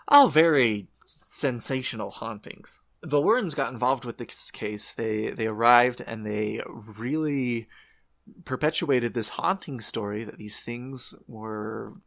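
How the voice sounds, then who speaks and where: A man's voice: medium pitch, vocal fry, a bit bright. A man co-hosting a horror podcast, chatting casually and rambling, correcting his own slips. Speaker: podcast co-host.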